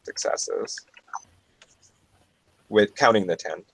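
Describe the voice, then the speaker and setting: A man with a low voice takes his turn at a tabletop game, musing aloud and checking rules as he goes. The sound is dry and close. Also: expressive, measured pace, fairly bright tone, no echo, rough recording. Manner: thinking aloud, questioning. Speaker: player.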